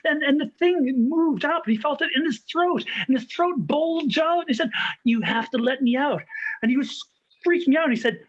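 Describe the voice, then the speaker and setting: A woman improvising a spooky story in a halting, excited way, on a dull lo-fi recording. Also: sits high. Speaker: improv player. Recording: dull lo-fi sound.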